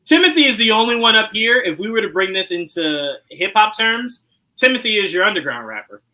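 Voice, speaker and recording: A man hosting a casual podcast chat, animated and laughing often, dropping to low asides and jumping to loud outbursts. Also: a little fast, poor audio. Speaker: podcast host.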